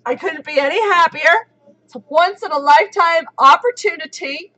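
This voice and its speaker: A woman in her thirties chats on a home livestream in a high, bright voice. She is giddy, giggly and excitable, talking to viewers the whole way through. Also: normal speed, low-quality recording. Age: 30s. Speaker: livestream host. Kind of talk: casual live chat.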